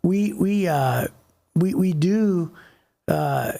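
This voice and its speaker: Gravelly middle-aged man, rambling chat. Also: sits high, extremely slow, mellow. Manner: rambling, acts out quotes in little voices. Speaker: podcast co-host. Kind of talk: casual faith discussion.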